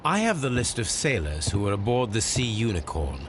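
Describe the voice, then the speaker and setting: An actor playing a calm, sardonic male detective, speaking in a dry, measured way. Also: lowish voice, slight background noise.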